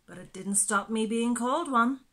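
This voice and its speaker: A woman's voice: a little high, moderate pace, sharp tone, pitched above the performer's own voice. A woman voicing a self-pitying worm in a children's story, wry and rhetorical.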